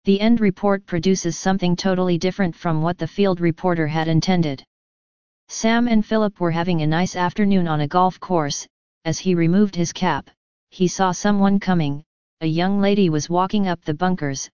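Woman storyteller, very smooth, dry and slightly dull recording. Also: fairly low pitch, normal speed, darkish tone, dry recording. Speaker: narrator. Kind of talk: scripted story narration.

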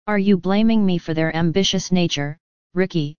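An angry wife fires accusing questions at her husband, read by a woman in her own voice. The tone is low and very clear. The recording is dry and slightly dull. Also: normal speed, a little mellow, no echo, lightly acted. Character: furious scolding wife and mother.

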